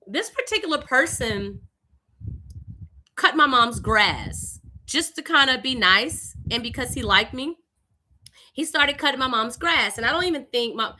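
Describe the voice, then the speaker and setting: A young woman from Louisiana with a Southern accent, hosting a live stream and telling a personal story in an animated, conversational way. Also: a little high. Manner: animated, conversational, with lively voiced greetings. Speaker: host.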